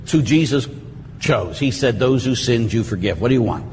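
A middle-aged Catholic priest giving a conversational teaching on confession, acting out what penitents say in a lively, plain-spoken way. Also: male voice, mid-range voice, normal speed, long reverb tail, slight background noise.

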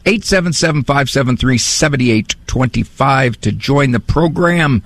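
A man hosting a radio call-in show, talking in a wry, musing way with drawn-out phrasing, close on a studio mic. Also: mid-range voice, expressive, fairly bright tone. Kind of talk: conversational radio talk. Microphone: studio microphone.

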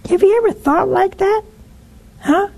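A woman with a very high, unhurried voice and a touch of vocal fry preaches a broadcast sermon. She tells animated stories with wry humor, teases her listeners, and drops to a whisper to stress a point.

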